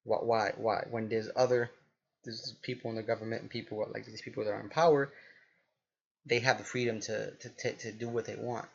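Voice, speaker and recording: A man in his twenties rambling casually to his viewers, halting often with restarts and fillers. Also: on the low side, little pitch movement, gravelly, muffled recording. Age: 20s. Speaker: vlogger. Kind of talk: rambling casual monologue to camera.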